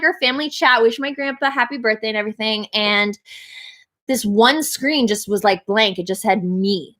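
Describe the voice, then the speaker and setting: Bright chatty young woman. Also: a little high. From Canada. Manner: chatty storyteller, many "like" fillers. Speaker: band member hosting a livestream chat. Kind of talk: casual livestream chat.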